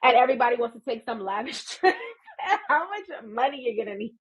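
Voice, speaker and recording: Lively, laughing American woman in her thirties. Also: fairly high pitch, quick pace, breathy edge, lo-fi sound. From United States. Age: 30s. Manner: animated, laughs often while telling stories. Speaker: podcast guest. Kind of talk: casual storytelling chat.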